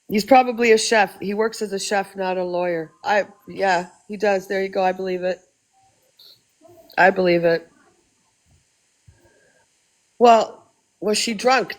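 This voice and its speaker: A woman's voice: medium pitch, moderate pace, rough recording. Angry, foul-mouthed Canadian woman ranting. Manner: angry, profane, cutting. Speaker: livestream host. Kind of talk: casual livestream rant.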